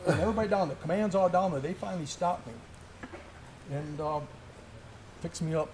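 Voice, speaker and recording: A man's voice: fairly high pitch, a little fast, a loud crowd. A middle-aged man, a military veteran, telling stories with vivid play-by-play in a live interview at an indoor gun shop event. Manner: animated, vivid play-by-play storytelling.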